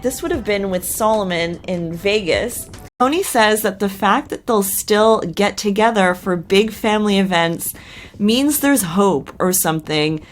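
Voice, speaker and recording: A woman hosting a casual recap channel, chatty and gossipy with sarcastic asides. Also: medium pitch. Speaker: reality TV recap host.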